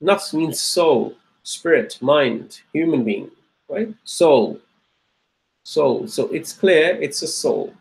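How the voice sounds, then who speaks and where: The low-quality audio captures a man with a high-leaning, animated voice and some vocal fry. He's giving a classroom lecture on Arabic grammar, saying each word slowly more than once and checking in with the students.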